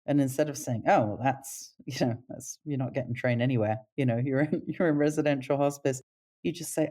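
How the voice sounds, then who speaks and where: A middle-aged woman, a palliative care nurse, telling stories in a casual interview and jumping up in pitch when she quotes people. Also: fairly quick. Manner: animated pitch when quoting others.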